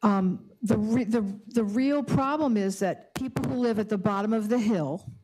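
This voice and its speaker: Older female resident at public comment, upset and halting. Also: medium pitch, warm tone. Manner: emotional, indignant, halting with restarts. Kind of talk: public comment at a community board meeting.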